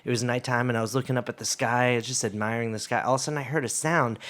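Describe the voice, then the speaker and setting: A man's voice: medium pitch, steady tone, racing, a bit bright. A man co-hosting a podcast, telling animal stories in casual chat, laughing often and swearing casually. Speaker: podcast co-host.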